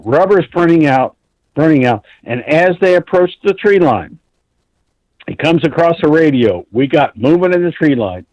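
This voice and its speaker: A man's voice: mid-range voice, darkish tone, no room sound, highs cut off. A man calling in to a talk show, telling a long story in an intense, rambling way and swearing often. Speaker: caller.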